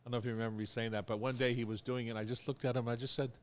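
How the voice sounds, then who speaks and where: A man's voice: mid-range voice, little pitch movement, rapid-fire. A man hosting a live radio show in a studio, chatting casually and rambling with fillers. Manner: rambling, easygoing, with many fillers.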